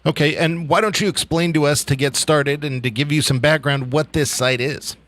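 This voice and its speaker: A man's voice: fairly high pitch, moderate pace. A man hosting a radio show, chatting casually and telling stories with easy laughs. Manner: relaxed storyteller, easy laughs.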